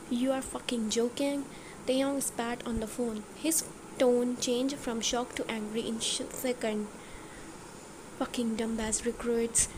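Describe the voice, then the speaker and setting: Brief: woman narrator, fairly high voice, plain storybook read, background noise. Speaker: fan fiction narrator. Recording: noisy background.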